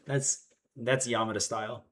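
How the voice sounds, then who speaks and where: A man in his twenties chats casually with his livestream audience at a moderate pace, his medium-pitched voice bright and a bit tense with fairly even intonation. He tells stories animatedly, acting out the quotes.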